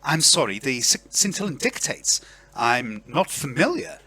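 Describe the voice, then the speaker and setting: Man playing a reserved noblewoman, courteous, measured, bright. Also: mid-range voice, sing-song, breathy edge, no echo, exaggerated voice. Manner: polite, measured. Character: composed guarded noblewoman.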